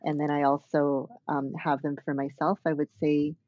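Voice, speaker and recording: A woman's voice: low voice, little pitch movement, moderate pace, slightly rough, dry recording. Reflective woman, slightly muffled. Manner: thoughtful, many fillers and restarts. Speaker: dance artist and guest. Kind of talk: reflective conversational interview.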